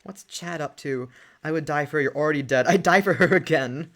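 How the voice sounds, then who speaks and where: A woman streaming a game, chatting excitedly with quick jokes and asides over soft music. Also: sits low. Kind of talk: casual let's-play chat. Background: soft lofi music.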